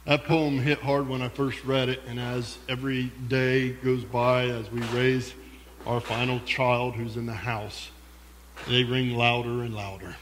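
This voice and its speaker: A man preaching a sermon as pastor in a church sanctuary, earnest and heartfelt, with slow emphatic pauses. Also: medium pitch, level tone, a bit bright, slight background noise. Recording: long echoey hall.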